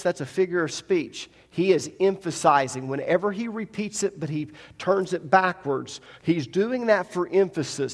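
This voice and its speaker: A man with a fairly high voice teaches a Bible study as a sermon, reading scripture aloud and breaking off for folksy asides to the listeners. His voice rings out with a long reverb, as if heard in a large hall. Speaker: pastor.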